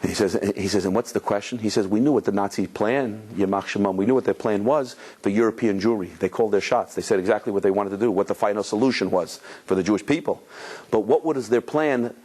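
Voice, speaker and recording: A rabbi with a fairly low voice delivers a Torah lecture to a live audience. He tells stories in a conversational way, often restarting his sentences and mixing Hebrew and Yiddish terms into his English. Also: quick pace, a little mellow, breathy edge. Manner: storytelling with many restarts and quoted voices.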